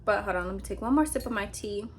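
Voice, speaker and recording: A young woman vlogging casually from her apartment at night, telling a rambling, animated story to her laptop with many fillers. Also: medium pitch, quick pace, a little hiss or hum. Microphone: laptop with ring light.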